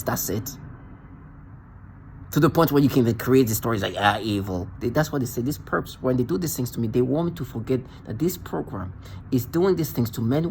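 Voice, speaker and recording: A man's voice: medium pitch, a little mellow, slight background noise. A man delivering an angry, accusatory monologue to the camera, ranting and repeating himself in a confrontational way. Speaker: vlogger.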